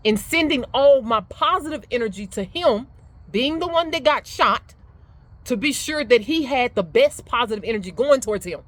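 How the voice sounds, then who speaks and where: A middle-aged woman giving life advice in a casual motivational talk, emphatic and animated, laughing often. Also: fairly high pitch, moderate pace. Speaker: speaker sharing life advice.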